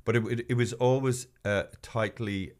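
A man's voice: medium pitch, fairly even intonation, moderate pace, a little hiss or hum. A man hosting a podcast, rambling in casual chat with stammering restarts and playful impressions. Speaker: podcast host.

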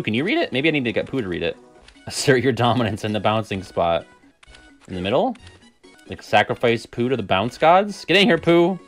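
A male gaming streamer talking to his chat, quick to joke and curse. His pitch is in the middle of the range, but his delivery is lively and animated, bouncing up and down as he reacts. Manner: joking, profane, talks to chat.

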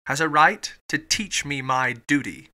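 A man's voice: fairly high pitch, a little slow, pushed and bright. A man reading an audiobook voices a stern, dutiful army captain with a firm delivery. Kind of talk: audiobook character voice.

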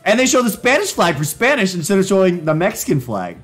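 Animated young man live-streaming, joking. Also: high-pitched, fast, husky, soft background music. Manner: joking, reads app prompts aloud. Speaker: livestreamer. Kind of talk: casual live-stream commentary.

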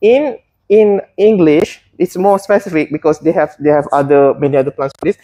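A woman with a low, mellow voice teaches botany at a moderate pace. She's hesitant, with many fillers and restarts, and frequently poses questions to her students.

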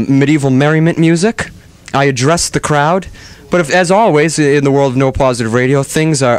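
A man hosts a comic radio show, ranting loud and profane in a high voice that leaps all over the place. There is gravel in his throat, and he talks into a handheld studio mic. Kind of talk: casual comic radio chat. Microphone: handheld studio microphone.

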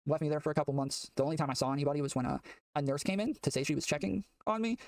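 A man telling a long story in casual chat, rambling with many fillers and getting excitable, recorded from a distance off the mic. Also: fairly high pitch, very fast, no echo. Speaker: guest telling a prison story.

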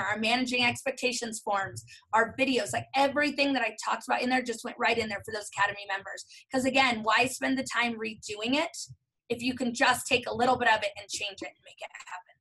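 A woman's voice: fairly high pitch, fairly even intonation, brisk, bright, forceful tone, low-quality recording. A woman who is a gym owner and coach, talking enthusiastically and chattily on a webinar. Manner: enthusiastic, chatty, self-correcting. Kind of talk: casual webinar talk.

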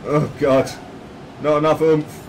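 A man commentating his own gameplay excitedly, yelping, swearing and shouting at each play. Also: fairly high pitch, takes it slowly, creaky, slight background noise, poor audio. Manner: excitable, yelps and shouts at plays, swears, laughs often.

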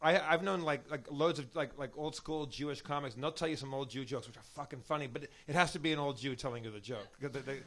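Quick-talking male podcast regular, mid-pitched, halting stream of "like"s. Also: a bit bright. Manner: rapid, halting, lots of "like" and restarts. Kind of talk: live comedy podcast chat.

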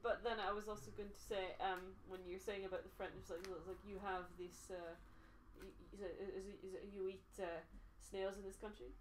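A woman adds to a casual film commentary, halting and filling gaps as she talks. She sits back from the mic and sounds distant. A faint hiss runs under her voice. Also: medium pitch, level tone. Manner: hesitant, full of fillers. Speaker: commentary guest.

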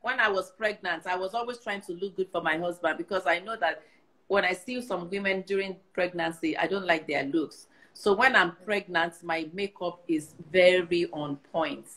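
A woman's voice: lowish voice, moderate pace, a bit bright, rough recording. Earnest Nigerian woman in her sixties. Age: 60s. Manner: earnest, advice-giving, repeats herself for emphasis. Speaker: guest. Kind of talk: casual conversation.

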